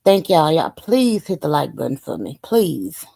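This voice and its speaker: A woman's voice: low voice, big pitch swings, measured pace, creaky, mellow, breathy edge. A woman hosting a live stream, chatting casually, pleading with viewers and swearing freely. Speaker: stream host.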